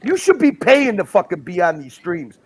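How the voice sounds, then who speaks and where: A man's voice: high-pitched, wildly swooping pitch, normal speed, slightly rough. A man hosting a livestream, ranting and hurling insults in profane, mocking chat. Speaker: livestream host.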